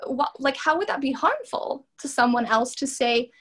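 An earnest woman in her thirties recounts her path as an interview guest, her voice sitting a little higher than most. She talks in a candid, animated flow, full of "like" and "you know". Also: moderate pace, hardly any pauses. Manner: earnest and animated, many fillers. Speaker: interview guest, PhD student and therapist.

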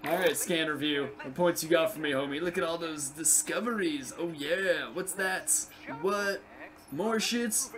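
A young man giving casual, excitable gameplay commentary, swearing and chatting to the game's creatures. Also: fairly high pitch, a little slow, crowd noise. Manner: excitable, profane, talks to game creatures. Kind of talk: casual let's play commentary.

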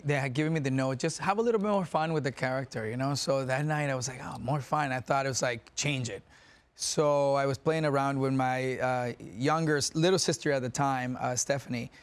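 A man in his forties, a guest actor on a talk show, telling stories in a lively way with frequent laughs and restarts. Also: medium pitch. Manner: animated storyteller, laughs often, restarts sentences. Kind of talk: casual talk-show interview.

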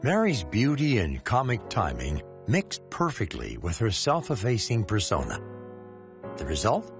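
Lively man narrating a documentary. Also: on the low side, a little slow, over music. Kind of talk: scripted narration.

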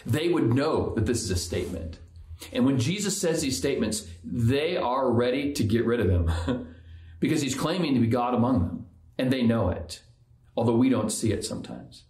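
A man's voice: medium pitch, lively intonation, normal speed, darkish tone, roomy sound. A man giving a conversational sermon as a pastor, often restarting and repeating words. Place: church.

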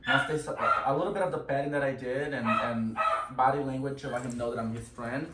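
A man's voice: medium pitch, fast. A man working as a dog trainer, explaining to the owners while he trains, talking in short bursts that break off into commands to the dog. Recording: echoey room, distant mic, noisy background.

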